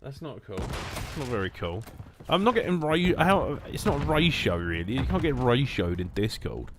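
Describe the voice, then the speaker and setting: A man's voice: mid-range voice, sing-song, moderate pace, background noise. Sarcastic British man over gunfire. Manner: self-mocking, sarcastic, rambling. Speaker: gaming streamer. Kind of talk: casual gameplay commentary.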